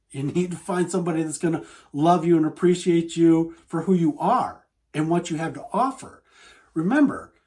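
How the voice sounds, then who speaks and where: A man's voice: fairly high pitch, a little mellow. A man hosting a dating advice talk, speaking earnestly and emphatically straight to the listener. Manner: earnest, emphatic and repetitive, addressing the listener as "you". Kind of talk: direct-to-camera advice talk.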